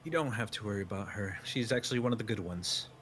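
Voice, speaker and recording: A man voicing a kindly older woman guide who sounds friendly and brisk. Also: fairly low pitch, a bit bright, a little hiss or hum, lightly acted. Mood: reassuring.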